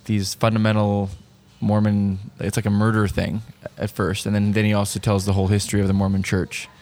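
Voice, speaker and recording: A man's voice: on the low side, monotone, fairly quick, a little mellow. A man co-hosting a podcast from a diner table, chatting casually and correcting himself as he goes. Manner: rambling, self-correcting. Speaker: podcast co-host. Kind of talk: casual chat.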